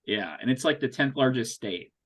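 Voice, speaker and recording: A man from Ohio chatting on a podcast, telling animated stories with goofy impressions. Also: medium pitch, normal speed. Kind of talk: casual chat.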